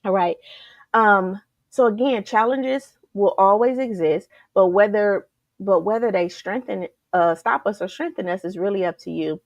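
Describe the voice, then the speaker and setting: Woman coach, fired-up motivational talk, gravelly edge, dry close sound, keeps asking the listeners questions. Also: mid-range voice, normal speed, no room sound, dull audio. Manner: energetic, repetitive, rhetorical questions, keeps saying "you guys". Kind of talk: live motivational talk to an online group.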